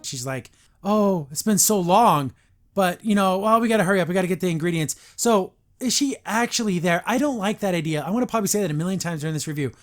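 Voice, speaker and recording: A man hosts a podcast, reviewing an episode in casual, opinionated chatter. His voice sits slightly high, and he often jumps into lively put-on character lines before dropping back into commentary. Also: fast talker.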